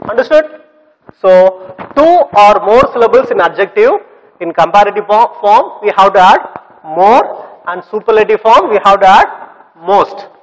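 Male teacher, high-pitched, patient and repetitive, spelling out words and quizzing the class, in an echoey space. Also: expressive, moderate pace. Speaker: English teacher. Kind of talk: classroom grammar lesson. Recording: long reverb, echoey room.

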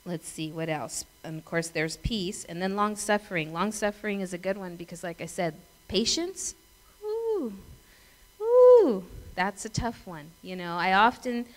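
A woman's voice: on the low side, moderate pace, few pauses, a bit bright, rough recording. Chatty middle-aged woman pastor preaching. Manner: chatty storytelling, asks the congregation questions; acts out voices and laughs in her stories. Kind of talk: conversational sermon.

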